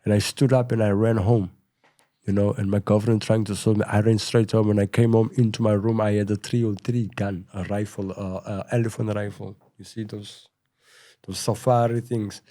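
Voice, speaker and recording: A middle-aged South African man telling his story in a casual interview, rambling and full of "you know," going quieter at tense moments. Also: lowish voice, flat delivery, moderate pace. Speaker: podcast guest.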